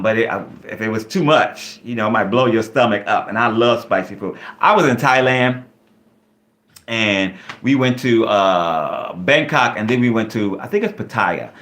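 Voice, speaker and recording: A man's voice: lowish voice, a bit bright. A man hosting a live online Q&A, chatting casually and rambling with many fillers. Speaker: live stream host.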